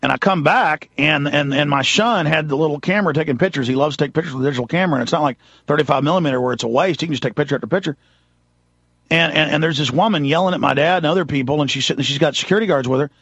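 Gravelly heated male talk host. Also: on the high side, very fast, no echo, muffled recording. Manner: forceful, heated, acts out quotes dramatically. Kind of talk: ranting monologue.

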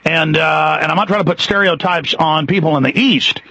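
Husky, aggressive talk radio host. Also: male voice, fairly high pitch, no room sound, poor audio. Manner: aggressive, loud, fast-talking rants.

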